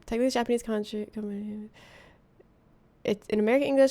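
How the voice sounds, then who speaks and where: A woman's voice: mid-range voice, a little fast, creaky, a little mellow. A woman from Florida, streaming a game and casually chatting with viewers, playful and laughing often as she reads chat aloud. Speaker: livestreamer.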